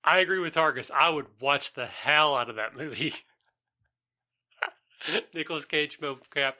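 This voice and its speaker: A man's voice: fairly high pitch, measured pace, sharp tone. A man hosting a casual tabletop gaming podcast, chatting and reading out monster stats. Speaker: podcast host.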